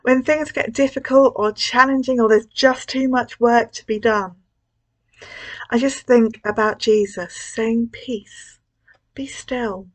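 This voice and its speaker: A woman leading a school collective worship, telling a story to children in a gentle, expressive way with hushed moments. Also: a little high, unhurried, rough recording. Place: church.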